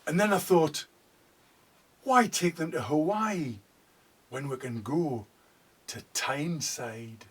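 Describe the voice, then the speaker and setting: A man who hosts a comedy show, telling deadpan jokes and leaving pauses for laughs. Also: a little high, husky, far from the mic. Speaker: comedian and singer. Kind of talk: comic patter and singing.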